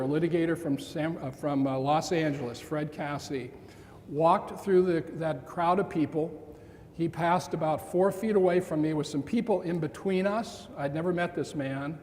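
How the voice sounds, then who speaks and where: Man in his sixties, keynote speaker, mellow voice with dramatic pauses, long hall reverb and faint hiss. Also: on the high side. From Montana. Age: 60s. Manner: animated, with dramatic pauses and quoted dialogue. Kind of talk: storytelling talk to an audience.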